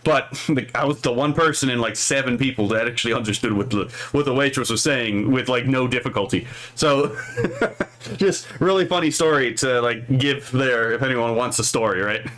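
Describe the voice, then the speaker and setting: A man's voice: medium pitch, moderate pace, fairly bright tone. A man streaming casually, reading out viewer comments and rambling through stories, often tagging his sentences with "right?" and chuckling between thoughts. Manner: rambling, keeps asking "right?".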